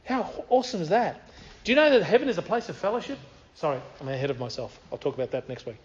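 A man's voice: fairly high pitch, animated, fast talker, highs cut off, slight background noise. A man preaching a sermon, reading scripture aloud and repeating key phrases with earnest emphasis.

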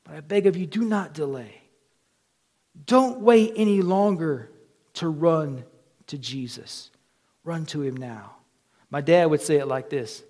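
A male pastor preaching a sermon, moving from quiet, almost whispered lines to loud, fervent appeals. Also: a little high, a little slow, pauses often. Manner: builds from quiet to impassioned near-shouting.

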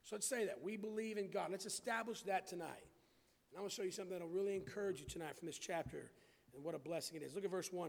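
A man preaching a Bible sermon, reading scripture slowly and emphatically and then dropping to quiet asides, in a church building. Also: high voice, vocal fry, big-room sound. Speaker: pastor.

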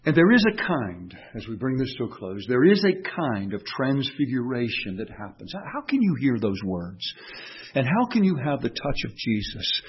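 A man preaching a sermon, swinging between raised, emphatic declarations and quiet, tender passages. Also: mid-range voice, big pitch swings, normal speed, husky, lo-fi sound. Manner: impassioned, swinging from raised, emphatic lines to quiet, soft reflection.

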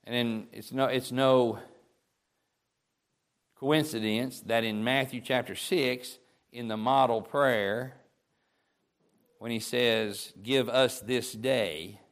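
A man's voice: medium pitch, fairly bright tone, clear, resonant tone. A man delivering a homespun sermon, talking to his listeners as if across a kitchen table. He circles back, stumbling over repeated words as he gathers a thought, in a mid-range voice with an ordinary pace. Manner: folksy, conversational, repeats words when restarting. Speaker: preacher. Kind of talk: informal sermon.

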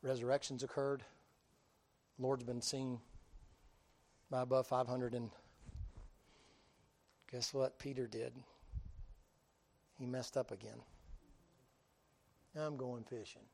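A man preaching a storytelling sermon in a folksy, humorous way, swinging between loud and quiet delivery. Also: medium pitch, level tone, takes it slowly, creaky, long pauses.

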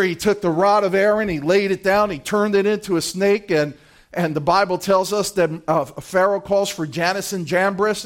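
A high-pitched male pastor delivering a sermon. He tells the scripture with drama, slipping into the voices of biblical figures and swinging between hushed and loud.

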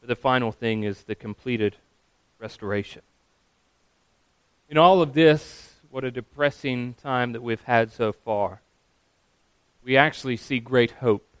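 A pastor giving a sermon, earnest and steady, sometimes acting out quoted voices. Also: male voice, medium pitch, measured pace, pauses often, smooth, no echo.

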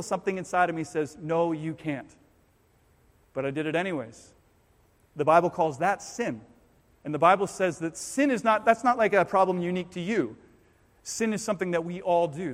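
A man preaching a sermon as pastor in a church. He swings between loud emphatic bursts and quiet low passages, and he acts out listeners' objections in quoted voices. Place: church with a congregation. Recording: long reverb of a church hall.

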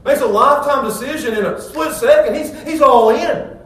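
A man preaching a sermon as a pastor, animated, swinging between loud excited passages and low calm ones. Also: moderate pace. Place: church. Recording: echoey room from far off.

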